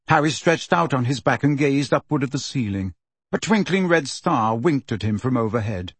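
A man narrating a story for an audiobook in a steady storytelling delivery. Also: medium pitch, normal speed, slightly rough, no room sound.

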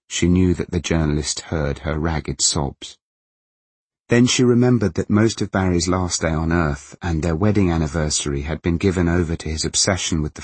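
A man narrating a novel in a measured, even manner. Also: low voice, breathy edge, no room sound. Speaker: audiobook narrator.

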